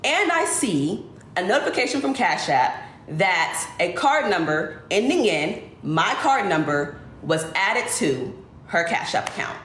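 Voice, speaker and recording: A woman livestreamer telling an emotional personal story in an animated, rushing way. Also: mid-range voice, reverberant, a little hiss or hum. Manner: animated, speeds through dramatic retelling. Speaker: influencer livestreamer.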